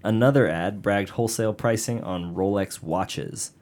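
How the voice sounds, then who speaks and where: Low-voiced man narrating a podcast case. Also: moderate pace, darkish tone. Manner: casual, joking asides while reading a story. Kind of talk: casual podcast chat with read narration.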